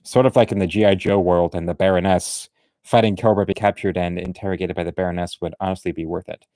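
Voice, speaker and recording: A man with a somewhat low voice talks through artwork in a loose, meandering way. He is blunt and opinionated, and often restarts his sentences. The recording is close and dry. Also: fairly even intonation, quick pace, a little mellow, dry recording. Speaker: art commentator. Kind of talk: casual commentary over artwork.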